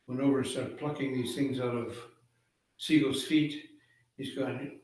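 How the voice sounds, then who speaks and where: A man's voice: medium pitch, measured pace, long pauses. Man telling a legend in an echoey room. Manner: relaxed, conversational telling with fillers. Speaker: storyteller. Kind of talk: oral storytelling of a legend. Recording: echoey room, far from mic.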